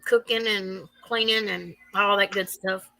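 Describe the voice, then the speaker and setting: A woman's voice: medium pitch, fairly even intonation, a little slow, creaky, fairly bright tone, rough recording. A woman with a Southern US accent co-hosting a casual live-stream chat, reading viewer comments aloud and laughing often.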